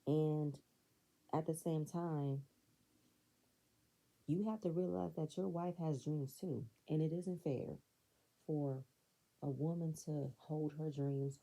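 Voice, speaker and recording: A woman with a low, husky voice talks through a reality show episode in a loose, chatty vlog review. Her tone is dark and mellow, and she packs her opinions with lots of "like" and "you know.". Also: fairly even intonation, a little slow, rough recording. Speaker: reality TV reviewer, channel host. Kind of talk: casual commentary vlog.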